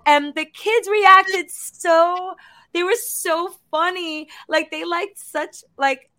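A woman in her thirties, a voice actor guest chatting in an animated way, laughing and acting out lines as she talks. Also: extremely high pitch, takes it slowly, no room sound. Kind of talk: casual interview chat.

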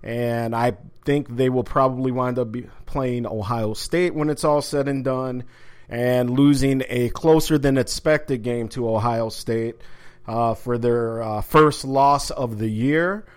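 A man's voice: medium pitch, measured pace, clean tone. A man hosting a sports talk podcast from an office, talking casually with plenty of fillers and restarts. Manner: laid-back, chatty, many fillers and restarts. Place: home office.

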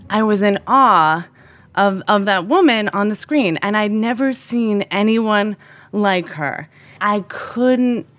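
A woman in her thirties telling a funny, self-deprecating personal story in an animated, conversational way. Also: medium pitch.

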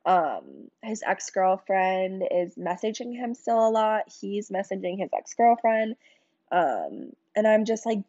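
A woman's voice: mid-range voice, animated, measured pace, a little mellow. Young woman venting on a lo-fi podcast. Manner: emotional, confiding, swears, lots of "like" and "um". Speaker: podcast host. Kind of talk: candid personal storytelling.

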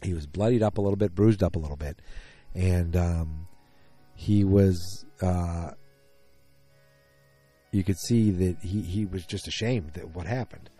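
A man's voice: low voice, measured pace, pauses often, warm tone, slightly rough, faint music behind. A man casually recapping a TV episode, rambling with many ums and restarts while retelling scenes and quoting characters. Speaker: TV show recapper.

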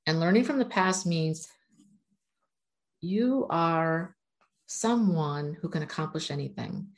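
Earnest woman with a lowish voice, reading oracle cards and encouraging her viewers. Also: darkish tone. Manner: earnest, encouraging, blunt at times. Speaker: spiritual oracle card reader.

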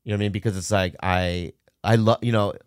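Guy with a lowish voice rambling through a story, lots of um and like, dry close mic. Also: steady tone, fast talker, smooth, dry recording. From Minnesota. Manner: candid, rambling storytelling with many fillers. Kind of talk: casual conversation.

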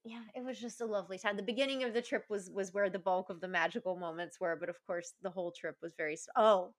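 A woman in her thirties, a podcast guest telling warm, emotional stories in casual chat and laughing often. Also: mid-range voice, fairly even intonation, fast.

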